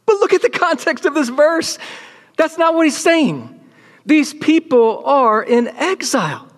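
This preacher has a very high, sing-song voice and keeps a measured pace, with a long reverb tail filling the large room. Before his audience he alternates emphatic delivery with near-whispers for emphasis.

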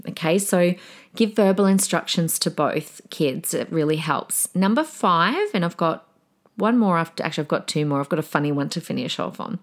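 Woman podcast host, middle-aged, casual parenting chat, animated storytelling, soothing teacher tone in quotes, slightly low voice. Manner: shifts into a soothing teacher voice when quoting.

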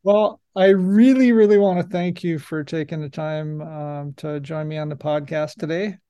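A man's voice: fairly high pitch, steady tone, moderate pace, warm tone, clear, resonant tone, dry recording. An older man hosting a podcast, talking in a brief and easygoing interviewer style. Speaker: podcast host. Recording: dry close recording.

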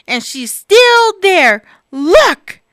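A whiny little bear cub, high and loud, who wails and grumbles at every upset, as a woman puts him on. The voice is bright and close, with no room sound, told like a storybook. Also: sing-song, drawn-out words, dry recording, full character voice. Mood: grumbling. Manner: wailing, complaining.

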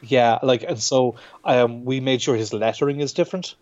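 An Irish comic book writer talks casually in an interview, his mid-range, darkish voice halting with many restarts and fillers. The recording has a dull lo-fi sound.

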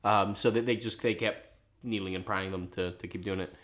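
Podcast guy with a bright forceful voice, rambles and swears, lots of restarts. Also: on the low side, fairly even intonation, fairly quick. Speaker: podcast co-host. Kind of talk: casual history podcast chat.

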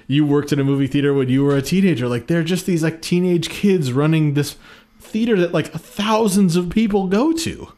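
A man's voice: fairly high pitch, moderate pace, warm tone. Rambling profane podcast guy. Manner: rambling, profane, self-deprecating. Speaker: podcast co-host. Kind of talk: casual chat.

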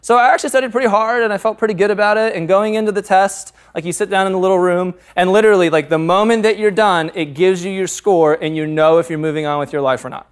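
A man in his thirties preaching a sermon with a high, clear, resonant voice. He tells candid personal stories with humor and often laughs as he goes. His manner is casual and open. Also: quick pace, few pauses. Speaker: pastor.

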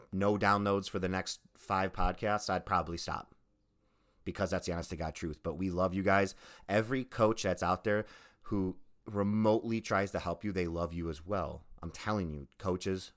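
A man's voice: low-pitched, a bit bright. A man hosting a podcast, closing the episode in an earnest, heartfelt way, repeating phrases for emphasis and getting choked up. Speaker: podcast host. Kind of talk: casual podcast outro.

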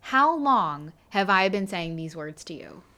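A woman co-hosting a podcast in casual chat, talking in an animated, emphatic and self-mocking way. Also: mid-range voice, unhurried. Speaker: podcast co-host.

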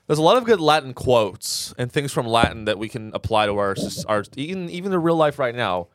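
A man's voice: mid-range voice, sing-song, fairly quick, no echo. A man with a mid-range voice that rises and falls a lot chats on a comedy podcast. He laughs easily and often restarts his thoughts. The recording is dry and close to the mic. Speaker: podcast co-host. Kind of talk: casual comedic chat.

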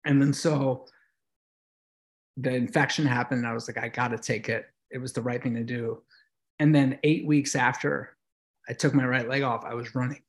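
A man's voice: medium pitch, steady tone, moderate pace, pauses often. A middle-aged American man, a veteran guest on a podcast, telling his story in a reflective, emotional way with many fillers and restarts. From United States. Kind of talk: casual interview storytelling.

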